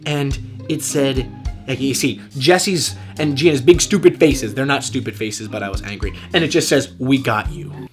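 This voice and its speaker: A man vlogging, telling a prank story in an animated way, swearing freely and acting out the voices of the people in it. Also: medium pitch, moderate pace, soft background music.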